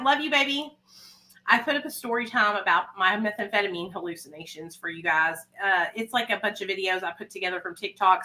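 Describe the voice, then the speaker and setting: A woman's voice: medium pitch, bright, forceful tone, low-quality recording. A young woman hosting a livestream, talking candidly and emotionally, rambling with fillers. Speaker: livestream host. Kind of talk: casual livestream talk.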